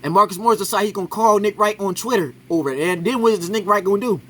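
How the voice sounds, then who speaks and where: A man's voice: sits high, fast. A man giving an argumentative reaction commentary on a sports clip, keeps asking "right?" after his points.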